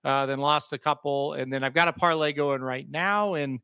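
A man's voice: fairly high pitch, steady tone, normal speed, pushed and bright, clean tone, no room sound, clean studio sound. A man co-hosting a casual podcast, chatting and laughing about his bets. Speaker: podcast co-host. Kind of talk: casual chat.

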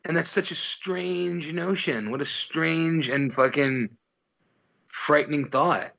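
A man's voice: a little high, takes it slowly, gravelly, a bit bright. Rambling, profane male podcast co-host. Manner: rambling, profane, many "like" fillers. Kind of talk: casual storytelling chat.

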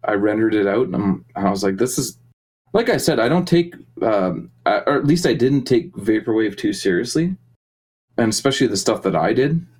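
A man's voice: on the low side, expressive, brisk, a little mellow, low-quality recording. A man talking casually as a musician guest in an interview, rambling with many fillers and restarts. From Canada.

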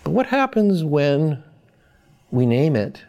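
Thoughtful man, slow measured speech. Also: on the high side, sing-song, dark tone. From Boston. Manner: measured, thoughtful, pauses and restarts. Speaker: academic guest. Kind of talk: reflective interview answers.

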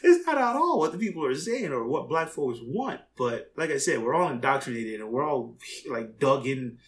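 A man's voice: mid-range voice, normal speed. Rambling, conversational man, faint hum. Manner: rambling, conversational, frequent "you know what I mean"; animated, voice jumps up when quoting others. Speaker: commentator. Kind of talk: casual opinion monologue.

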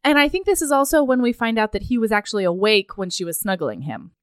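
A woman's voice: mid-range voice, lively intonation, clean tone, dry recording, studio quality. A woman in casual chat who jokes and laughs while discussing a book. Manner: joking, quick to laugh.

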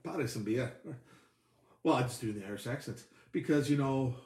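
A man's voice: mid-range voice, fairly quick, darkish tone, roomy sound, distant mic. A man co-hosting a casual beer-tasting podcast, joking and bantering playfully. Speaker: podcast co-host.

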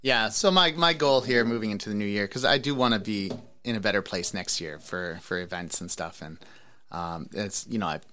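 A man's voice: on the low side, normal speed, pushed and bright, a little hiss or hum. A man hosting a podcast, chatting casually with a guest and rambling a little, with many fillers and restarts. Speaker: podcast host. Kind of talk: casual interview chat.

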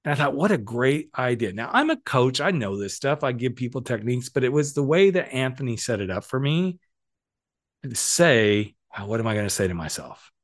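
A man's voice: mid-range voice, lively intonation, normal speed. A middle-aged man hosting a podcast, giving a casual motivational monologue with playful, cheeky asides. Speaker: podcast host and coach.

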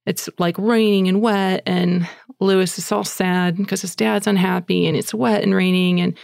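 A woman's voice: mid-range voice, steady tone, moderate pace, gravelly, a little mellow, no room sound, studio quality. A woman hosting a podcast who retells a story in a chatty, breathless way, with fillers like "like" and "you know". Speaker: podcast host. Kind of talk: casual storytelling.

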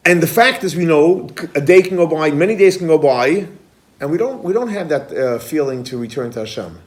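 A man teaching a spoken lesson on mystical texts, with a somewhat high pitch. He swings between loud, urgent calls and soft, hushed passages. He keeps asking questions and answering them himself. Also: expressive, fairly quick. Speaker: rabbi teaching a Kabbalah class. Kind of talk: lively spoken Torah lesson.

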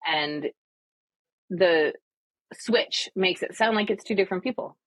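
A woman co-hosting a podcast and chatting casually about a book, talkative and animated. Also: fairly low pitch, measured pace, no echo. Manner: chatty, animated, frequent agreeing fillers. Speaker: podcast co-host, audiobook narrator. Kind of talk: casual chat.

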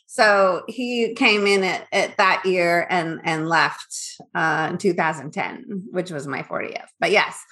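A woman in her fifties, a business owner from Northern California, telling her story in a candid, animated interview chat. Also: on the low side, slow, few pauses. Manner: candid and animated, acts out her past thoughts.

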